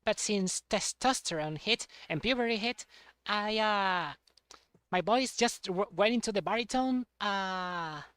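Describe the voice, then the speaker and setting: Halting young man chatting on stream. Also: high voice, fairly bright tone, smooth, no echo. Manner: halting, repeats words, laughs often. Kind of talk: casual chat while playing a game.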